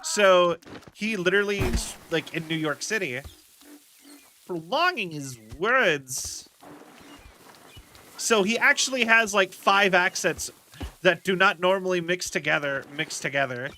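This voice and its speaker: A man's voice: sits high, moderate pace, pushed and bright, slight background noise. A young man streaming a game, chatting casually in rambling tangents and swearing at his mistakes from his home setup.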